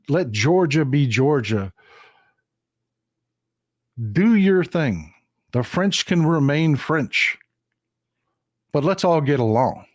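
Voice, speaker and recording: A man's voice: mid-range voice, dry recording, clean studio sound. Emphatic Texan man doing a political monologue. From Texas. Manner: emphatic, repetitive, addresses viewers as folks. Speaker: live-stream political commentator.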